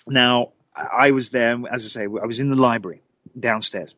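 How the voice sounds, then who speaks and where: A man, a guest telling an eerie personal story in a lively, dramatic way. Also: moderate pace, no room sound, poor audio. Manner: lively, dramatic storyteller with sudden pitch jumps. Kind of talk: animated anecdotal storytelling.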